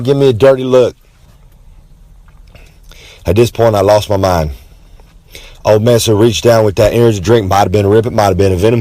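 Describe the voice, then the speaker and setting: A brash man with a drawl spins a rambling comic tale. He swaggers through it with boastful asides and drawn-out dramatic pauses, talking about himself in the third person. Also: medium pitch, a little mellow, dry recording. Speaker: wrestler telling a story. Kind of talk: rambling comic storytelling monologue.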